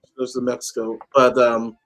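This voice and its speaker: A man from the United States chats casually on a call-in show, telling a story animatedly and acting out the people he quotes. His voice is medium-pitched and moderately paced, with a completely flat delivery.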